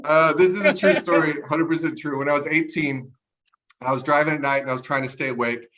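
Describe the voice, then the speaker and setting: A young man from Texas doing a stand-up set over a livestream, delivering deadpan one-liners and chuckling at his own jokes. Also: a little high, fairly quick, muffled recording. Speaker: stand-up comedian. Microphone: livestream mic.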